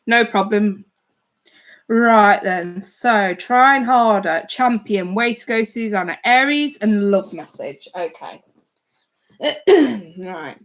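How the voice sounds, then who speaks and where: A woman's voice: mid-range voice, animated, slow, slight background noise. A woman giving live tarot readings to her viewers in a chatty, blunt way, swearing casually. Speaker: tarot reader.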